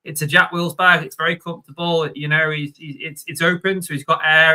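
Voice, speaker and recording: A man hosts a live stream, chatting loosely as he reads out viewer questions. His voice sits a little high and rings very bright and forceful. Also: little pitch movement, fairly quick. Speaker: host.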